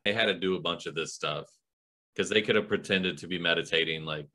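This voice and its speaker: Male podcast co-host, very low pitch, bright edge, earnest and easygoing. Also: a little fast. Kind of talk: casual movie review chat.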